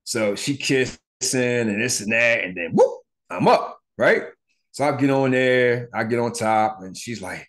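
A man's voice: mid-range voice, a little slow. A middle-aged man hosting a podcast, telling a personal story in a casual, profane way and acting out the voices of the people in it. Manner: animated, profane, acts out voices in his retelling. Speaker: podcast host.

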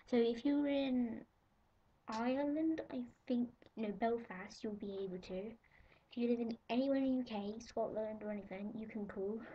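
A woman's voice: medium pitch, dark tone. Giddy breathless young girl vlogging. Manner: giddy, breathless, drifting into whispers. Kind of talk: excited casual vlog. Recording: dull lo-fi webcam audio with faint hiss.

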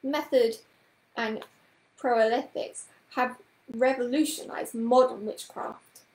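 A woman voicing Miss Price, a prim middle-aged witch with a brisk, precise, reproving manner, in a read-aloud story. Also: a little high, fairly even intonation, a little mellow, roomy sound, low-quality recording.

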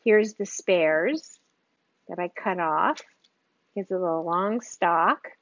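A woman's voice: fairly low pitch, slow, a bit bright, no echo, highs cut off. A woman hosting a live cooking demonstration from her kitchen, gushing and chatting with her viewers. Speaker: cooking show host.

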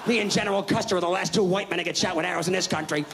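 A man in his thirties doing stand-up comedy, telling a profane story in a brash, rapid-fire way with shouted punchlines, on a live stage. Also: sits high, steady tone, creaky, noisy background.

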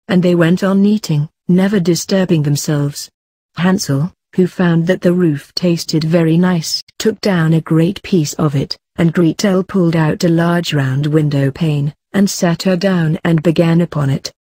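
A woman reads a children's fairy tale aloud in a gentle, measured way. Her voice sits low and mellow, with a slightly husky edge. The recording is dry and close. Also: fairly even intonation, dry recording. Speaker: storyteller. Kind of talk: children's audiobook narration.

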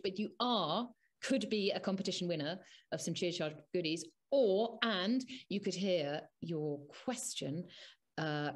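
A woman co-hosting a podcast, chatty and playful, laughing easily through casual banter. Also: fairly low pitch. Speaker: podcast co-host.

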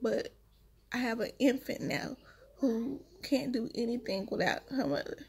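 A woman's voice: on the high side, unhurried, darkish tone, slight background noise. A woman vlogger, a week after giving birth, telling her story straight to her viewers in a casual, emotional way. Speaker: vlogger, new mother.

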